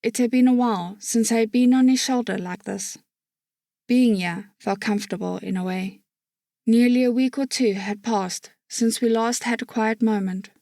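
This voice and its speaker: A woman narrating an audiobook chapter in a steady storytelling manner. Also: fairly high pitch, normal speed, creaky, no room sound, clean studio sound. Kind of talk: scripted narration.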